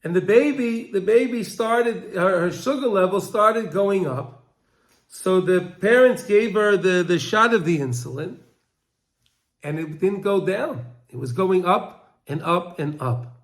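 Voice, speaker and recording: Male Torah teacher, high voice, emotional storytelling, stumbling repeats, acts out cries. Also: unhurried. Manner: emotional storyteller, repeats words and restarts, cries out quoted pleas.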